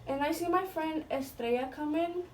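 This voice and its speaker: High-voiced young woman telling a story. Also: moderate pace, a little hiss or hum. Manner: chatty, swears freely, heavy filler "like"; slips into Spanish slang. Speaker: beauty vlogger telling a story. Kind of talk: casual storytime monologue. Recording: voice a bit distant from the mic.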